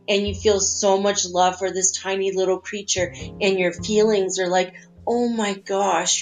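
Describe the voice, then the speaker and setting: A woman hosting a spiritual talk, chatting gently and guiding listeners through visualizations. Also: lowish voice. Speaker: spiritual channel host. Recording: faint guitar music behind.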